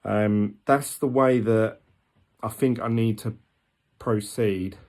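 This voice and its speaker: A man's voice: fairly low pitch, steady tone, slow, a little mellow. A man, talking candidly and rambling in a casual vlog with lots of ums. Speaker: vlogger. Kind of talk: casual diet vlog talk.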